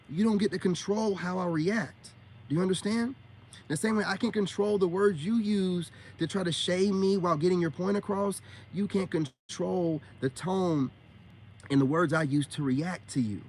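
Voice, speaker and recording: Middle-aged man, high-pitched, animated and emphatic, streetwise slang, solo livestream rant, faint background noise. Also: normal speed. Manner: animated, emphatic, slangy, repeats words in bursts. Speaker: self-styled spiritual coach.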